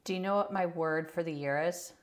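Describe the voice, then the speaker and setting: A woman's voice: lowish voice, a little fast. A woman in her forties hosting a casual interview, affirming her guest. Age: 40s. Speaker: host.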